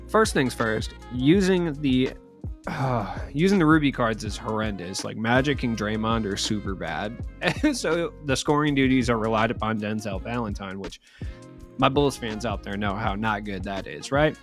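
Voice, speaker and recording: A man's voice: lowish voice, moderate pace, faint music behind. Chatty young man commentating a game. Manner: chatty, rambling, joking asides. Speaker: gaming YouTuber.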